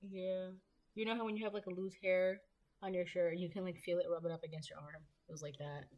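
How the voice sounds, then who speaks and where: A woman with a lowish voice and flat delivery gives a casual collective tarot reading, talking fairly quickly. She rambles and chats with frequent ums and the odd casual swear word, and the audio sounds dull.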